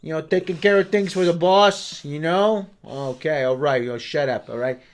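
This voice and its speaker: A man's voice: a little high, normal speed, close to an everyday voice. A man putting on a cagey middle-aged character, tough-guy patter ending lines with "all right?". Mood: gruff, evasive.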